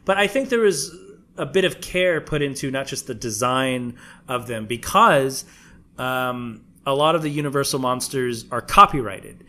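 A man's voice: medium pitch, normal speed, sharp tone. A man co-hosting a podcast, joking, laughing often and swearing freely in casual chat. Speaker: podcast co-host.

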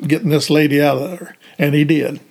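An older man, a retired police officer, recalling events in halting, hesitant phrasing during an interview. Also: on the high side, fairly even intonation, creaky, darkish tone, breathy edge. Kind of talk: storytelling interview answers.

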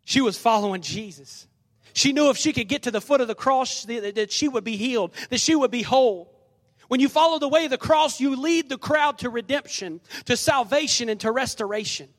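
A male pastor with a high-pitched voice preaches to his congregation, swinging between loud calls and hushed lines as he acts out the scripture. His voice rings through a reverberant church sanctuary. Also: brisk. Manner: preaching with call-and-response and dramatic scripture reading. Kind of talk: sermon. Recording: long reverb of a large hall.

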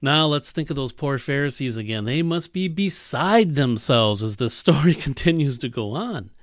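Animated male preacher, lively pitch. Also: normal speed, no room sound, studio quality. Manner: animated, emphatic, often trails off softly. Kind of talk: expository sermon on a Bible passage.

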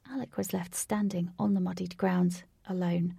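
A woman narrating a storybook in a steady, expressive reading voice. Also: on the low side, moderate pace, creaky, few pauses, husky, no room sound, clean studio sound. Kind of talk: storybook read-aloud narration.

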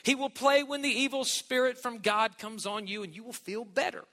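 A man's voice: very high voice, moderate pace, bright, forceful tone, in a large hall. A man giving a sermon as a guest preacher, emphatic and stretching key words, with light joking asides.

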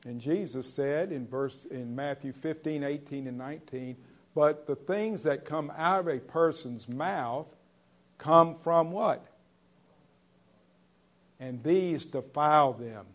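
A man preaching a sermon in an earnest, conversational way, with sudden loud stresses on key words. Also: on the high side, slow. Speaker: pastor.

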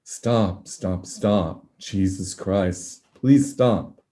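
A man voicing a frightened young male priest who answers in short, halting replies with a deep voice. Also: dark tone.

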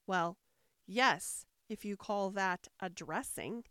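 A woman's voice: mid-range voice, slow, a bit bright, clean tone, no echo, studio quality. A woman voicing the White Queen, a flustered, untidy, melancholy queen in a storybook reading, with a helpless, groaning manner.

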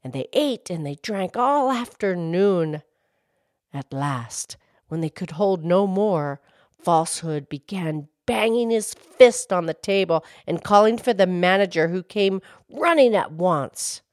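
A woman reading folk tales aloud in an expressive, measured storytelling manner. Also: lowish voice, no room sound, clean studio sound.

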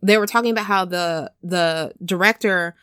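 A woman's voice: fairly low pitch, normal speed, a bit bright, clean tone, no room sound, studio quality. A woman telling a story in casual chat, talking loosely with plenty of filler words and acting out the scenes she describes. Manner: chatty storyteller, many "like"s, acts out scenes. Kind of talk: casual chat recapping a film.

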